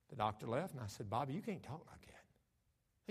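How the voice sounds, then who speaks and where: A man with an American accent, a pastor preaching a sermon emphatically, moving from hushed storytelling to raised, fervent delivery. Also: medium pitch, sing-song, normal speed, slightly rough. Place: church sanctuary. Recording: church hall reverb.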